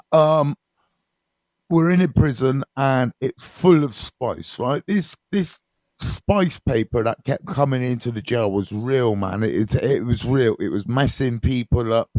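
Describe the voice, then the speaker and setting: Animated man telling stories. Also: mid-range voice, no room sound. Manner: animated, swears freely, keeps checking in with "right?" and "you know what I mean". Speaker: recovery mentor and live streamer. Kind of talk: casual storytelling on a live stream.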